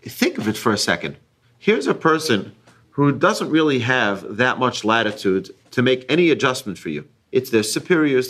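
A man giving an ethics class to a group, earnest and repetitive, his voice rising higher and louder whenever he stresses a point. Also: very animated, normal speed. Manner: earnest, repeats key phrases, rises in pitch and volume when stressing a point. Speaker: religious teacher.

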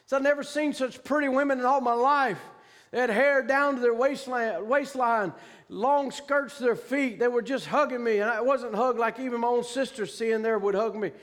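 A man's voice: extremely high pitch, moderate pace, a bit bright, long reverb tail. A man preaching a sermon with fervent emphasis and plain vernacular grammar as he recounts a vision.

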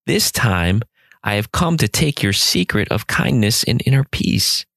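A man voicing a desperate young male burglar, gruff and threatening but later pleading. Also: lowish voice, expressive, a little slow, fairly bright tone, no room sound, clean studio sound, full character voice. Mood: earnest.

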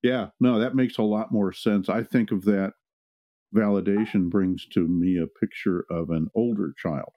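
A man's voice: on the low side, fairly even intonation, moderate pace, no room sound. A man co-hosting a parenting podcast, agreeable and rambling as he tells stories in casual conversation. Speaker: co-host, parent. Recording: slightly muffled, dull sound.

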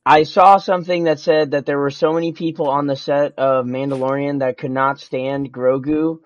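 A man's voice: on the high side, level tone, normal speed, no room sound, dull audio. A man co-hosting a casual talk show, telling a story bluntly with plenty of swearing. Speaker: podcast co-host. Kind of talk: casual profane fan chat.

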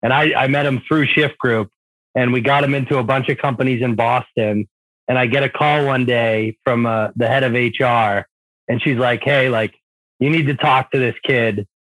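A man's voice: medium pitch, steady tone, normal speed, a bit bright, no room sound, rough recording. Chatty male podcast host telling a story, dry close sound. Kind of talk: podcast interview talk.

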